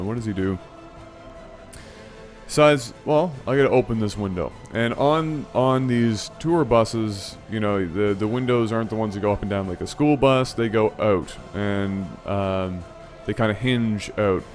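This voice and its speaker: A man hosting his channel, telling a funny personal story in an animated, playful way, often correcting himself mid-sentence. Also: lowish voice, measured pace, soft background music. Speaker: channel host. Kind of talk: storytelling vlog.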